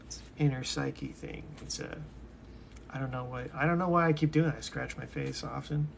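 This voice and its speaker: Brief: a young male streamer thinking aloud, gravelly and unhurried, drifting topic to topic. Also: mid-range voice, steady tone, slight background noise. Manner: musing, talks to himself, drifts between topics. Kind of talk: rambling casual monologue.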